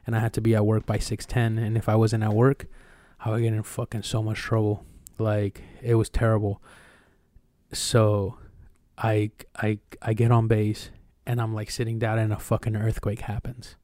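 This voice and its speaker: A young man co-hosting a podcast, telling a long personal story in casual, profane, animated chat. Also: on the low side, moderate pace, no echo, clean studio sound. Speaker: podcast co-host.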